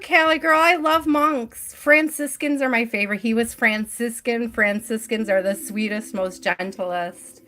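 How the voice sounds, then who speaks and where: A woman's voice: medium pitch, fairly bright tone. A young adult woman hosting a live tarot stream, telling a personal story in a chatty way, laughing often and filling her talk with "like".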